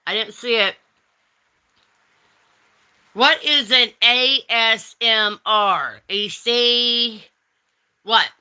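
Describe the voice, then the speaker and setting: Sassy bright-voiced woman on a livestream. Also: fairly high pitch, very slow, pauses often, smooth. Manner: sassy, teasing, calls viewers honey and darling. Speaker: livestream host reading chat. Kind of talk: casual live chat.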